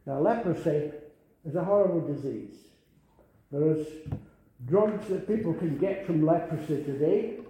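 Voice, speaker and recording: An older male preacher with a fairly high, mellow voice delivers an earnest sermon. He repeats key phrases and swells into emphatic calls. The room around him rings with heavy echo. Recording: very echoey room.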